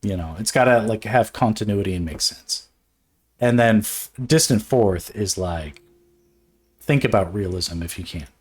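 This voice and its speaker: A man's voice: lowish voice, measured pace, slightly rough. A man who streams his illustration work, chatting casually and rambling while he draws, swearing often, laughing, and filling his talk with restarts and fillers. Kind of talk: casual chat while drawing.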